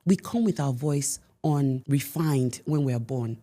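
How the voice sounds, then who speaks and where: A woman with a low, warm, slightly husky voice tells a personal story in a podcast chat. She speaks with emphasis, repeating key phrases and pausing for effect. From United States. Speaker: podcast guest. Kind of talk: conversational storytelling.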